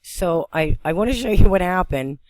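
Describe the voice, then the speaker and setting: A woman from western Pennsylvania vlogging on a phone, excitable and rambling as she talks, often breaking into laughter. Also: fairly low pitch, normal speed, no echo. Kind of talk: excited spiritual vlog narration.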